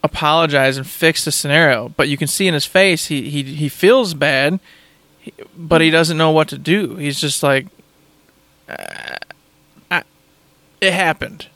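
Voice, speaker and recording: A man's voice: on the high side, moderate pace, fairly bright tone, no room sound. A man in casual chat, raving about a game in an enthusiastic, rambling way and repeating himself.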